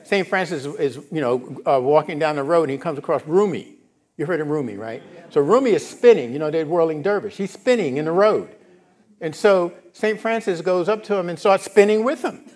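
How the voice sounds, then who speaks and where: A man's voice: on the high side, brisk. A middle-aged male minister giving a conversational sermon in a church, often asking the congregation if they follow. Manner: casual, animated, asks the congregation if they follow. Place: church sanctuary.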